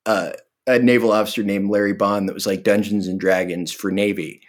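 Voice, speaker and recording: A man's voice: on the low side, a little fast. A man from Virginia chatting casually as a podcast co-host, telling stories with acted-out quotes and swearing. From Virginia, USA. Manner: animated storyteller, acts out quoted voices, swears. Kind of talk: casual chat.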